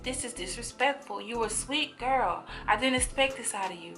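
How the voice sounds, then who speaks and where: A young woman telling a story to her viewers in a casual, animated way, acting out the voices of people in it, with speech. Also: on the high side, moderate pace, faint music behind. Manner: animated, acts out quoted voices, talks straight to viewers. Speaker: storytime vlogger.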